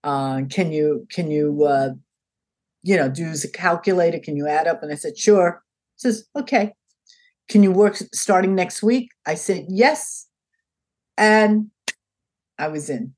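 This older interview guest has a voice on the low side and a measured pace with long pauses. Casual yet animated, she narrates a story and voices each person's lines differently.

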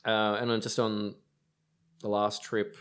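Low-voiced Australian man telling stories. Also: monotone, a little slow, fairly bright tone, smooth. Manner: rambling, filler-heavy anecdotes. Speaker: brewer guest. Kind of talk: casual podcast storytelling.

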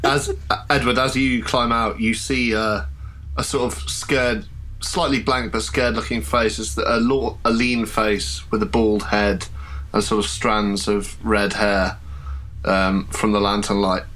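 Bright-voiced male game master. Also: fairly low pitch, little pitch movement, rough recording. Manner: halting narration with fillers. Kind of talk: narrating a tabletop game.

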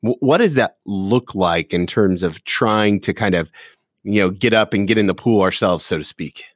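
A male host with a very low voice, recorded close and dry. He chats in a relaxed, affirming way with his guest. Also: normal speed, no room sound. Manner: affirming, conversational. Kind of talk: casual interview chat.

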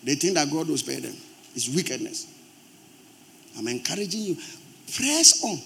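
A man with a Ghanaian accent preaching a sermon in church, forceful and emphatic, rising to loud outbursts. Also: on the high side, big pitch swings, normal speed, creaky, slight background noise. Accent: Ghanaian English. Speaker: pastor.

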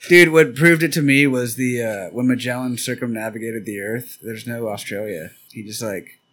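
A man in casual banter, making deadpan joke claims with slang and swearing. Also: medium pitch, moderate pace. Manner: deadpan conspiracy joking, slangy.

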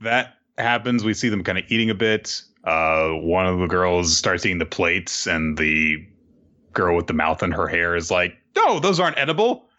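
A man casually recapping manga chapters on a podcast, swearing a little and laughing often, breaking into squeaky voices to act out what the characters say. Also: steady tone, normal speed, sharp tone, muffled recording. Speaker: podcast co-host.

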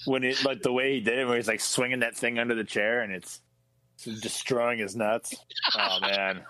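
A man's voice: mid-range voice, little pitch movement, moderate pace, bright, forceful tone, dry recording, rough recording. A man co-hosting a casual comedy podcast chat, easygoing and jokey. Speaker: podcast co-host.

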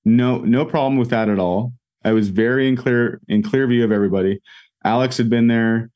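A man's voice: medium pitch, brisk, highs cut off. A man telling an incident in an interview, with lots of fillers as he goes. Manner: animated retelling with fillers. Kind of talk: storytelling in an interview.

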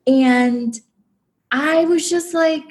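A woman's voice: high-pitched, drawn-out words. Chatty woman telling a love story. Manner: chatty, heavy use of "like", emotional. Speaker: podcast guest. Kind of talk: personal storytelling.

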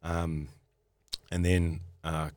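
Very slowly, in a low, level and slightly mellow voice, a young New Zealand rugby player rambles through a story during an interview, repeating and restarting words often. The recording has no room sound.

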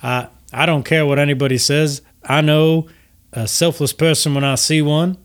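A man's voice: on the high side, fairly even intonation, normal speed, pitched above the performer's own voice, natural voice. A man voicing an effusive, courtly male noble who heaps flowery praise on his guests during a tabletop game. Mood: grateful. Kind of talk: tabletop role-play character voice.

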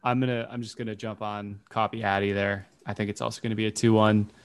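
A man's voice: fairly low pitch, little pitch movement, smooth. A man co-hosting a sports podcast in casual chat, rambling and correcting himself as he goes. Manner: rambling, self-correcting, quick to laugh. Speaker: podcast co-host.

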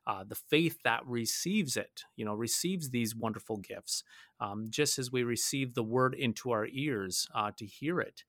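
A man's voice: medium pitch, normal speed, a bit bright, no echo. Earnest pastor man, dry close sound. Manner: earnest, repeats words while thinking, mimics voices in anecdotes. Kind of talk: conversational podcast discussion.

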